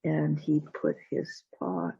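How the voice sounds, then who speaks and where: A woman storyteller telling a folktale slowly and deliberately, voicing the sound effects herself over a video call. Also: sits low, flat delivery, creaky, breathy edge, dry recording. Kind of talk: told folktale. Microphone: video call mic. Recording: dull lo-fi call audio.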